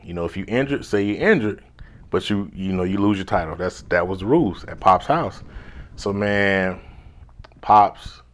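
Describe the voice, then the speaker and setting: Deep-voiced man telling a laid-back story. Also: lively intonation, moderate pace. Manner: laid-back and slangy, often calls the listener "man"; drops to a hushed whisper when replaying his inner thoughts. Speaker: life coach. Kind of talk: casual personal storytelling.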